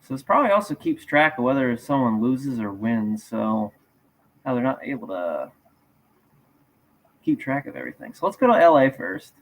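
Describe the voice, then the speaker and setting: A man's voice: medium pitch, sing-song, normal speed, low-quality recording. A man hosting a casual live stream, rambling and joking at his own expense while he sets up and walks through a website. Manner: rambling, self-deprecating, talks while fixing gear. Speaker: livestream host.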